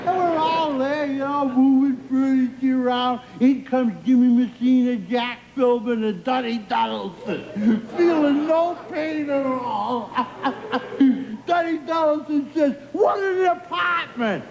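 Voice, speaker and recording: High, giggly man telling bar stories. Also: slow pace, few pauses, a little mellow, reverberant, lo-fi sound. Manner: giggly, breaks into laughter mid-story. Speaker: comic sidekick character. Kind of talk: barroom comedy sketch. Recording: old TV audio with audience laughter.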